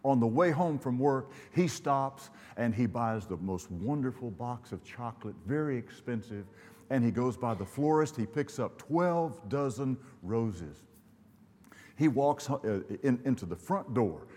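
A man's voice: mid-range voice, lively intonation, unhurried, darkish tone. An older man from Louisiana preaching a sermon in a church, telling folksy humorous stories. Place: church sanctuary. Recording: long hall reverb.

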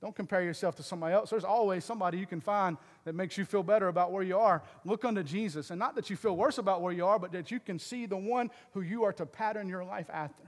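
High-voiced preacher man in a reverberant hall. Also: fast talker, few pauses. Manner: swings from loud, emphatic preaching to low, earnest asides. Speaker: pastor. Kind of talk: sermon.

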